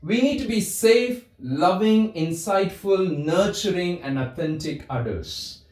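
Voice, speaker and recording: A man delivers a parenting talk in an emphatic way, driving points home by saying them again. His voice sits a little high. The room adds a clear echo around him. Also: animated, slow pace, darkish tone. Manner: emphatic, repeats key phrases. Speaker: parenting speaker.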